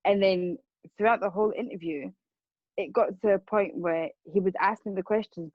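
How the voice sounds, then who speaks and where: A woman's voice: deep voice, dry recording, muffled recording. Earnest young woman. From Rwanda. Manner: earnest, circles back with repeated words and fillers. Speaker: speaker on racism. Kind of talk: personal account, casual talk.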